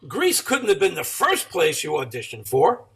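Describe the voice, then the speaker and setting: A man's voice: fairly high pitch, huge pitch swings, normal speed, a bit bright. A man hosting a podcast interview, prompting his guest with short questions. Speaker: podcast host.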